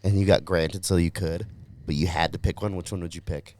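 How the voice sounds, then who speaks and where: A man's voice: deep voice, steady tone, fairly quick, darkish tone. A young man co-hosting a podcast, chatting casually and joking crudely. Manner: joking, crude, puts on mock accents. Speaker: podcast co-host. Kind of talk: casual chat.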